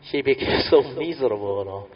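A man giving a Buddhist Dhamma talk, telling a story in a chatty, anecdotal way with tag questions and fillers. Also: medium pitch. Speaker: Buddhist teacher. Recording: dull lo-fi recording.

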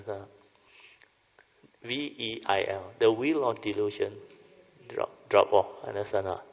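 An older man giving a Buddhist dharma talk to a class, chatty, often asking "understand or not?". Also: lowish voice. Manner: chatty, keeps checking the audience with "huh?" and "understand or not?". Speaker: Buddhist meditation teacher. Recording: lo-fi recording in a reverberant hall.

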